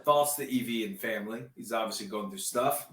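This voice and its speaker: A man co-hosting a podcast, speaking in a halting, earnest way with frequent fillers. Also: lowish voice, a bit bright. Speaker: podcast co-host. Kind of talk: casual chat. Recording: roomy sound with faint background noise.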